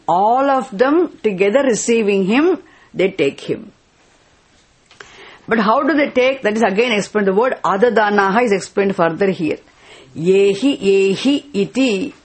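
A woman's voice: mid-range voice, slightly rough. A woman teaching scripture, explaining a chanted verse word by word and patiently repeating key terms.

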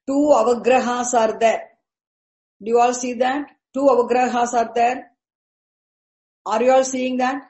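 Woman teacher, fairly high voice, very slow, measured recitation, roomy echo. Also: a little mellow. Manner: syllable-by-syllable chanting, then quick asides. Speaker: Sanskrit teacher. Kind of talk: slow recitation and explanation of a text.

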